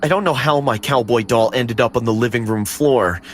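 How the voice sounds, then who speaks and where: A man narrating a scripted horror story in the first person, steady and dramatic. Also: mid-range voice, moderate pace, slight background noise.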